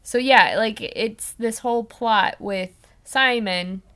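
A woman's voice: fairly high pitch, slow pace, sharp tone, clear, resonant tone. A woman co-hosting a film review podcast, chatting casually and laughing often. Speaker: podcast co-host.

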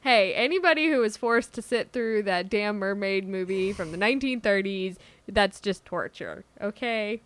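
A woman's voice: mid-range voice, animated, normal speed, few pauses, fairly bright tone, dry recording. A woman in her twenties co-hosting a podcast in casual chat, laughing a lot and joking. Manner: laughs a lot, playful jokes. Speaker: podcast co-host.

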